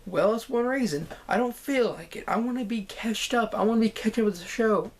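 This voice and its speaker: A woman vlogging a casual, excited TV show review, rambling and repeating herself. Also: fairly high pitch, brisk. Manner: enthusiastic, rambling, repeats "guys" and "freaking".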